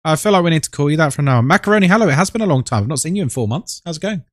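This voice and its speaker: A man's voice: a little high, animated, rapid-fire, no room sound, studio quality. A man hosting a live stream, greeting his viewers by name in a chatty, playful, affectionate way.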